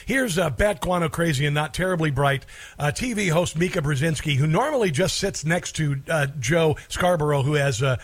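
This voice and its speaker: A man's voice: on the high side, normal speed. A man hosting a political talk show, speaking in a sarcastic, scornful way and cutting in on played clips. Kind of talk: combative commentary over clips.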